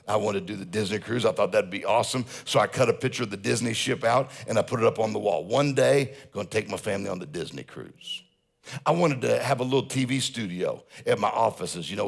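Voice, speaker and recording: Gravelly-voiced man telling stories on stage. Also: on the low side. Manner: storytelling, jokes with audience. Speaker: motivational speaker. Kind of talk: humorous seminar talk.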